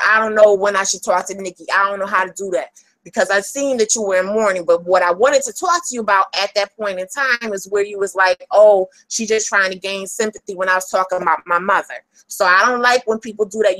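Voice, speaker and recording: A woman's voice: mid-range voice, a little fast, a bit bright, dry recording, rough recording. Heated woman ranting, dry close sound. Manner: heated, profane, confrontational. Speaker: livestreamer addressing critics. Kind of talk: angry livestream rant.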